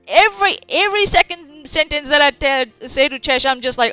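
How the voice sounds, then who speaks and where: A woman's voice: high voice, expressive, a little slow, sharp tone, no room sound. A woman streaming casual reaction commentary, blunt and sarcastic, swearing freely. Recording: dull lo-fi stream audio with faint music.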